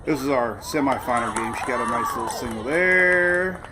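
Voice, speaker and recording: A man hosting a weather show, chatting casually and excitably, often saying "man". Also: mid-range voice, moderate pace, over a noisy crowd, heavy background noise. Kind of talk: casual live-stream chat.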